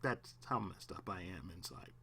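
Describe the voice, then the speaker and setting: A man hosting his own channel, alone at home, giving a raw, halting confessional monologue on the verge of tears, with pauses, restarts and the odd swear. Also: sits low, lively intonation, gravelly, pushed and bright, slight background noise. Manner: halting, repeats himself, long pauses, swears. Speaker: channel host.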